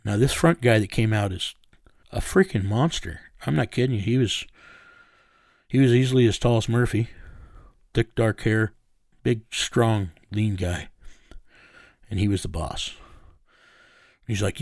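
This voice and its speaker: A man being interviewed, recounting a raid in low, measured storytelling that sinks to a menacing hush. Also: creaky, no room sound, studio quality. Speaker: interview guest.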